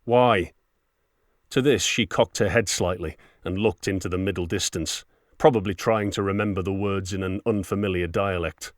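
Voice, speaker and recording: A man narrating a science fiction audiobook in a steady, wry storytelling manner. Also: low voice, normal speed, no echo, studio quality. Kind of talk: scripted narration.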